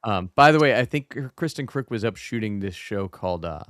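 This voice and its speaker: Smooth-voiced man in casual podcast chat. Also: on the low side, animated, fairly quick, fairly bright tone, dry recording, clean studio sound. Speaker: podcast co-host.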